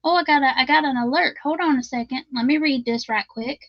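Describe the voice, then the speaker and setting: A woman's voice: sits high, fairly quick, no echo, highs cut off. A middle-aged woman with a Southern drawl, chatting casually as host of a live crochet stream, laughing often and reading viewer comments aloud.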